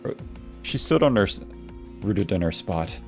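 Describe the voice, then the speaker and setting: A man's voice: deep voice, expressive, normal speed, creaky, soft background music. A male streamer reading a game's story text aloud, often restarting words he stumbles on.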